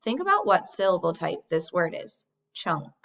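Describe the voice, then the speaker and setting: A woman teacher giving a recorded phonics lesson, speaking slowly and deliberately as she models sounds for young children. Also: lowish voice, sing-song, fairly bright tone. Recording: dull lo-fi sound.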